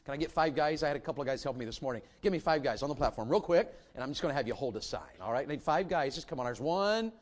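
A man preaching a folksy, animated sermon in a church, repeating phrases for emphasis. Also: medium pitch, racing, hardly any pauses. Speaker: pastor. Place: church sanctuary.

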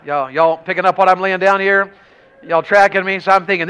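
A man preaching a revival sermon in a church, telling folksy country stories and rising to shouts. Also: sits high, brisk, clean tone. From rural Tennessee.

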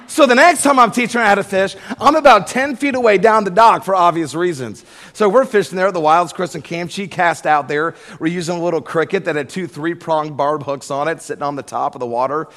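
A middle-aged man preaching a sermon, telling a humorous story in an animated way before building to loud preaching. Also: high voice, fairly quick. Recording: echoey hall with long reverb.

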